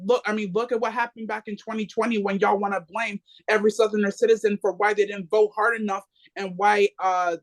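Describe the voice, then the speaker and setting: A reading group member talking passionately, repeating phrases for emphasis. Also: mid-range voice. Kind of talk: impassioned casual discussion.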